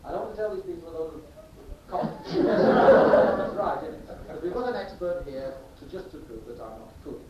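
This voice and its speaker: A man's voice: a little high, sing-song, normal speed, mellow, lo-fi sound. Mock-pompous man in echoey room. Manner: mock-pompous lecturing, laughing between lines. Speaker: comic performer. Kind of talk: live comic monologue. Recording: echoey distant live room recording with noise.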